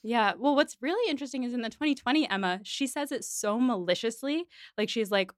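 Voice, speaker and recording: A woman's voice: on the high side, brisk, dry recording, clean studio sound. A woman hosting a podcast, chatting casually about a TV adaptation and acting out quoted lines. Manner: animated, acts out quoted lines. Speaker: podcast host.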